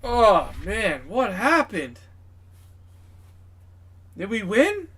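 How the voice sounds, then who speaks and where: Brief: a man playing a goofy admiral in a tabletop game, bewildered, raised high voice. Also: wildly swooping pitch, extremely slow, a bit bright, breathy edge, exaggerated voice. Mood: dazed. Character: dazed, goofy male navy admiral just waking up.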